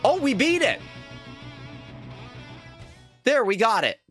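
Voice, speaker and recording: Streaming a game as a VTuber, a man chats casually with viewers and reacts loudly to what happens on screen. His voice is very high and very animated, though his pace is slow, with game music behind him.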